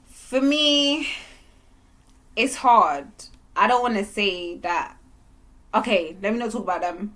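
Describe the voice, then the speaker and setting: A young woman talking to camera in a candid, animated monologue, sometimes breaking into laughter. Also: on the low side. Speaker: vlogger.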